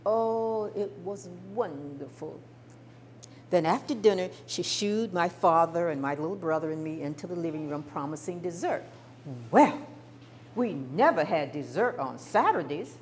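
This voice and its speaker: Older woman storyteller, lively intonation, personal memoir, light stammer. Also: fairly low pitch, unhurried, slight background noise. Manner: expressive, warm-toned recounting with small stammers.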